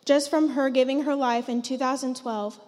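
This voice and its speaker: A woman's voice: sits high, steady tone, moderate pace, darkish tone. A teenage girl on a church stage sharing a personal testimony, heartfelt and emotional. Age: teens. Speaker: student giving testimony. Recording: long church hall reverb.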